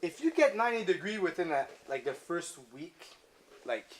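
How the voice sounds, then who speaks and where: A man's voice: on the high side, big pitch swings, normal speed. A man who owns a jiu-jitsu gym, telling a story in a casual interview with swearing and laughter.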